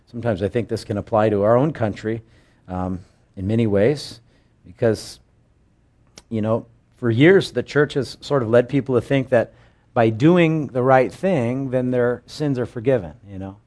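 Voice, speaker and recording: A man in the middle of an expository sermon, talking to his congregation in a conversational way. He restarts phrases often and swings his delivery up and down as he acts out the verses he quotes, at an ordinary middle pitch. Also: normal speed. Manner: animated, acts out quoted scripture with emphatic rises and drops. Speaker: pastor.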